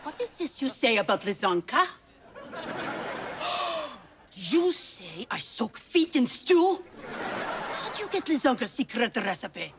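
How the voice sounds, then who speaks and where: Gruff sitcom lunch lady with broken English, slow and swooping. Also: on the high side, big pitch swings. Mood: indignant. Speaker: school cafeteria lunch lady. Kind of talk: sitcom acting. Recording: background noise.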